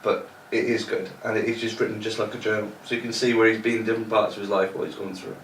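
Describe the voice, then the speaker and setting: A man's voice: on the low side, little pitch movement, quick pace, fairly bright tone. A man co-hosting a casual podcast, sounding bunged up with a cold and laughing easily with his friends. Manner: laid-back, laughs easily, reads passages aloud. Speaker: podcast co-host. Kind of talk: casual chat. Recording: echoey room, distant mic, faint noise.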